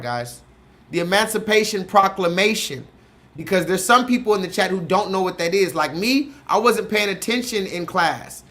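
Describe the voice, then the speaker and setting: A man's voice: fairly high pitch, bright, forceful tone. A man hosting a livestream, ranting in casual, profane commentary and firing questions at his chat. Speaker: streamer host.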